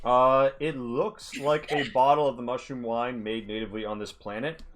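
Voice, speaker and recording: A man narrating as game master of a tabletop role-playing game, describing events in a hesitant way with lots of pauses. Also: medium pitch, steady tone. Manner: hesitant, filler-heavy narration.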